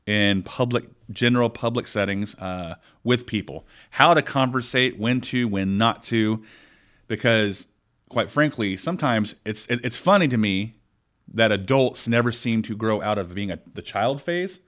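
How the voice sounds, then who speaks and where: Male podcast co-host, animated and emphatic, pitch that rises and falls widely, casual delivery. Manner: animated storytelling, rants with emphasis. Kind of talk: casual chat.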